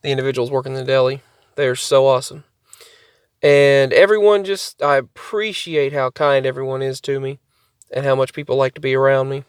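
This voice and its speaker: A man's voice: mid-range voice, brisk, smooth, dry recording, studio quality. A man telling a rambling story to camera for his channel, often repeating and restarting his sentences. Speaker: vlogger.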